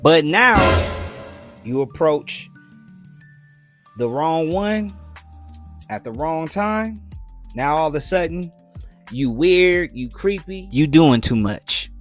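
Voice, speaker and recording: A man giving social commentary in a measured, explanatory way. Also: on the high side, expressive, faint music behind.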